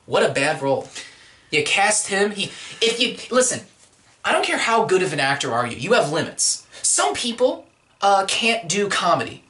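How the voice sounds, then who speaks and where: A man hosting a casual movie-review podcast, ranting and animated, often slipping into silly voices. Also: high voice, moderate pace. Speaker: podcast host.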